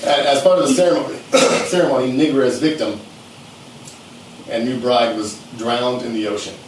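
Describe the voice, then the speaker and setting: A man's voice: mid-range voice, fairly even intonation, normal speed. A man co-hosting a podcast, retelling a news story in a crude, joking way, recorded in an echoey room from a distance. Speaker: podcast co-host. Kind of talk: casual chat, story retelling. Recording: echoey room, distant mic, faint hiss.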